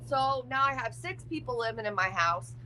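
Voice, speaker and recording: A woman's voice: on the high side, animated, normal speed, background noise. A woman recounting her past in casual, blunt speech, swearing freely and leaning on "like" as filler. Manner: blunt and profane, heavy use of "like". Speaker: interview guest. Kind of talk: casual storytelling.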